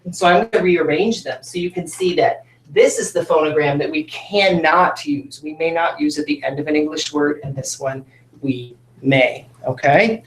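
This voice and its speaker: A man's voice: fairly high pitch, fairly even intonation, normal speed, a little hiss or hum. Patient male teacher in roomy echo. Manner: patient, coaxing, with tag questions. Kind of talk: phonics lesson for children.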